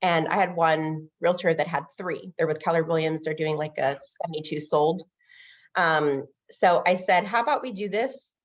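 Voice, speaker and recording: A woman's voice: low voice, moderate pace, muffled recording. A woman loan officer as an interview guest, talking energetically and acting out quoted conversations with clients. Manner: energetic, acts out quoted dialogue. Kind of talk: casual interview chat.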